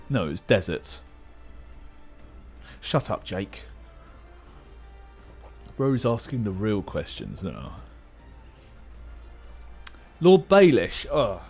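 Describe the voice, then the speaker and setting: Playful young male streamer, lively pitch. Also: very slow, pauses often, slightly rough, soft background music. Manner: playful, self-mocking, muttering guesses aloud. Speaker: livestream host. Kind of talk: casual livestream chat while playing a word game.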